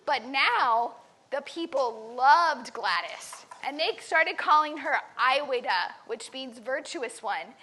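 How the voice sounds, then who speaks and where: Camp teacher, woman, lively storyteller for kids; very high and bright. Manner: animated, dramatic, quizzes the listeners. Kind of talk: storytelling to children.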